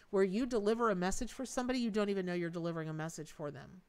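A woman's voice: medium pitch, dry recording. A middle-aged woman hosting a live tarot reading, chatty and emotive, thanking viewers as she goes. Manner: folksy and emotive, thanks donors, says y'all and Lordy. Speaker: tarot reader and livestream host.

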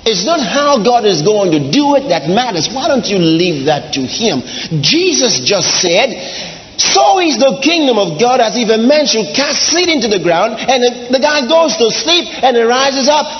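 Preaching man, high and animated, in a hall. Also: a little hiss or hum. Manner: dramatic preaching with wide swings, soft drawn-out lines and shouts. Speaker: pastor. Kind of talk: sermon. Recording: dull lo-fi sound in a large reverberant hall.

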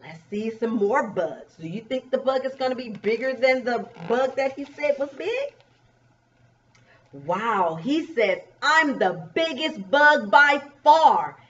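A woman teacher giving a remote pre-K lesson, drawing out words and asking young children gentle questions. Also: on the high side, expressive. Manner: slow, drawn-out, coaxing questions to young children. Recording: dull, distant recording.

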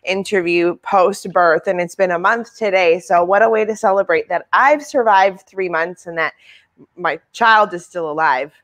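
A woman's voice: on the low side, normal speed, fairly bright tone. Chatty young Canadian mother telling stories. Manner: chatty, laughing, storytelling with voiced quotes. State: new mother, sleep deprived. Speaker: guest author. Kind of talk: casual interview chat.

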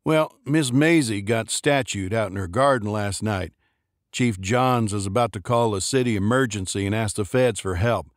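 A nervous young man, polite and eager to please, as a male narrator puts him on. He talks hesitantly, with a slightly raised, lighter pitch than the narration. The sound is dry and close. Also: normal speed, no echo, close to an everyday voice. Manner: hesitant, deferential.

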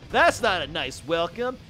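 An excitable young man talks through a video game with a high, bouncy voice that leaps all over the place. His tone is bright and sharp, and he breaks into yelps and laughs at the screen. Faint game music plays behind him. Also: slow pace. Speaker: gaming YouTuber. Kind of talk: casual let's play commentary.

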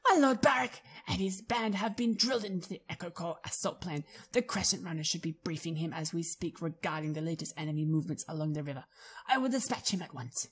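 Woman doing a stern iron marshal lady, formal clipped military report, lowish voice. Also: fast, breathy edge.

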